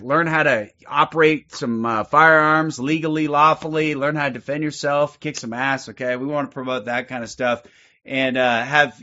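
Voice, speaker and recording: A man's voice: mid-range voice, pushed and bright. Rambling, profane man on a lo-fi livestream. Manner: rambling, profane, many fillers. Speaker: livestream host. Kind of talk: casual livestream monologue. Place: sitting on a couch at home.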